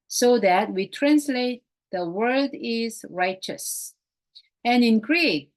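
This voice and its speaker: A woman teaching a Greek grammar class in a slow, repetitive way, speaking English as a non-native speaker whose first language is Korean. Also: a little high. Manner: slow, repeats key words, non-native phrasing.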